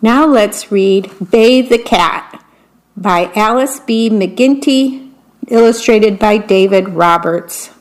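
Slow, expressive woman reading picture books. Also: medium pitch, low-quality recording. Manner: slow, expressive read-aloud with descriptions of the pictures. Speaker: storybook reader.

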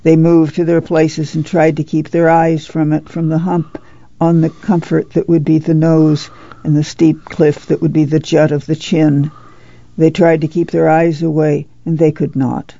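Gravelly, dark-toned woman narrating. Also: sits low, flat delivery, a little slow. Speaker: audiobook narrator. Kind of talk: scripted narration. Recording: dull lo-fi recording.

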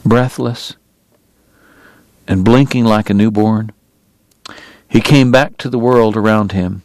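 A man narrating an audiobook in a measured, lyrical storytelling manner. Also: on the low side, steady tone, a little mellow, no room sound. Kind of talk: scripted narration.

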